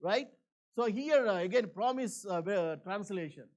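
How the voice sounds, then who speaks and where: Pastor guy with a high voice preaching, repeats himself a lot, lots of "like, you know", loud then hushed. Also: animated, a little slow, long pauses. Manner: earnest, repetitive, many fillers. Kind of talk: sermon.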